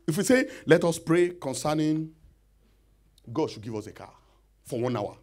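A man preaching a sermon as pastor, swinging between loud shouts and low near-whispers, acting out pleading prayers. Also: expressive, normal speed, long pauses. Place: church hall.

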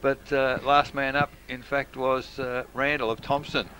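An older Australian man giving local radio football commentary, hesitant with frequent fillers and quiet asides. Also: medium pitch, level tone, a little slow, a little hiss or hum, low-quality recording.

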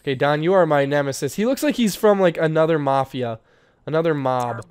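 A young man giving playful, excitable commentary while playing a life-sim game, laughing often. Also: on the high side, fairly quick. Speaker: gaming YouTuber. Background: faint game music.

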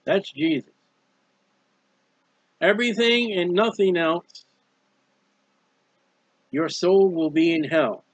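A man's voice: high-pitched, takes it slowly, long pauses, no echo, poor audio. A man preaching about a hymn in an earnest, pleading way, repeating phrases as he urges listeners toward faith. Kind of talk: sermon-style hymn commentary.

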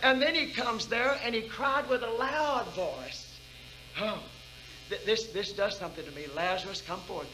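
An older woman preaching at a church revival meeting. She calls out questions to the congregation and swings between loud exhortation and hushed intensity. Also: on the high side, animated, a little slow, slight background noise, poor audio. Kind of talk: fervent preaching.

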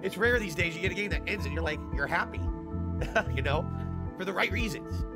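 A high-voiced man on a livestream gushes emotionally about a game, his voice swooping all over. He sounds stuffy-nosed, and loud game music plays behind him. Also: lively intonation, brisk. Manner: gushing, emotional, effusive. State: stuffy nose. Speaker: streamer. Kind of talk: livestream gaming commentary.

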